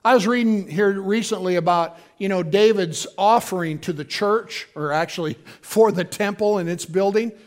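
High-voiced preaching man, lively bursts. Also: normal speed, hardly any pauses. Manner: animated preaching with sudden loud high bursts and dramatized quotes. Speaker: pastor. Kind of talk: sermon.

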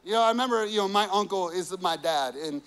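A man's voice: high-pitched, fast talker, fairly bright tone, clear, resonant tone. A man preaching a sermon, earnest and personal, telling family stories with frequent "you know"s. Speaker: pastor.

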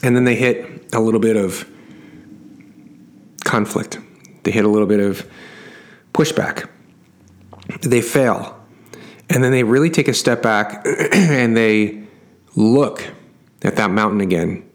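A man's voice: lowish voice, moderate pace. A middle-aged man coaching his clients through a casual story, emphatic and repeating words for effect.

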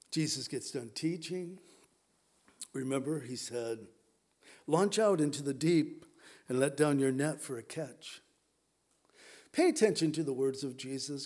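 Male pastor, casual animated sermon delivery, voice pitched a bit high, acts out the lines he quotes.

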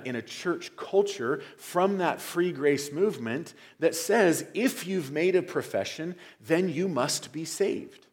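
A man, a pastor, preaching an expository sermon verse by verse, rising in intensity when he quotes scripture. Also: a little high.

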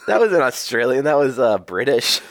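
A young man chatting on a podcast from his studio apartment. He laughs a lot and jumps into loud, excited bursts. His mid-pitched voice is recorded close and dry. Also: normal speed, dry recording. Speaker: podcast co-host. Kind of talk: casual joking chat.

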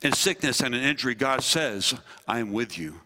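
A man, a pastor and former army chaplain, preaching a sermon with earnest delivery, slowing and dropping low on key phrases. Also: lively intonation, pushed and bright. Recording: long hall reverb.

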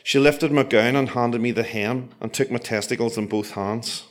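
A man telling a comic personal story with dry, self-mocking, deadpan asides. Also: medium pitch, moderate pace.

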